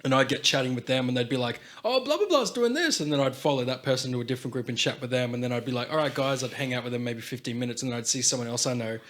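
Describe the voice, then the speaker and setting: A man hosting a podcast, chatting casually and telling animated stories. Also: mid-range voice. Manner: animated, quick storytelling with voice imitations. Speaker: podcast host. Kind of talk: casual chat.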